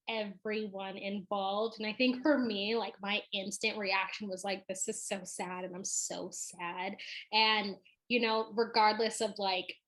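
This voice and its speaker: A woman's voice: mid-range voice, a bit bright. A woman co-hosting a casual chat show who speaks earnestly, leads the topics, and often trails off and restarts. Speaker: podcast co-host.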